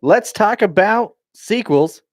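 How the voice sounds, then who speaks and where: A man co-hosting a podcast, relaxed and conversational while reviewing beer with a friend. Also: sits high, slow, a little hiss or hum. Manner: laid-back, relaxed, conversational. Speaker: podcast co-host. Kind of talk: casual beer review chat.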